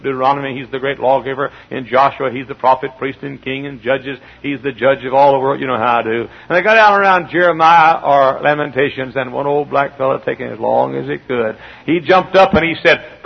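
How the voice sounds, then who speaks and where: A man preaching a sermon, telling stories with animation and building to shouts. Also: medium pitch. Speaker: pastor. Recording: dull lo-fi archival sermon tape.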